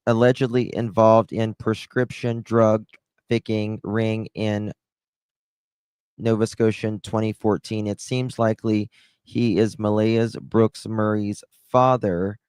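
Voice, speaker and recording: A man's voice: fairly low pitch, little pitch movement, a little slow, darkish tone, smooth, dry recording, clean studio sound. A middle-aged man giving casual true-crime commentary to a live chat, blunt and sarcastic, brushing off claims he finds weak.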